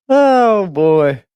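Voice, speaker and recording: A man hosting a live reaction stream, talking loudly and profanely in an animated way. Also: fairly high pitch, smooth, dry recording.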